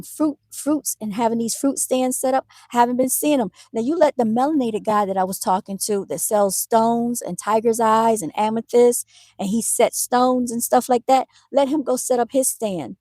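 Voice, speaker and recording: A woman's voice: on the high side, moderate pace, mellow, no room sound. A middle-aged woman, ranting in a casual live stream and talking straight to her viewers. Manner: talks straight to viewers, says y'all. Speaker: vlogger.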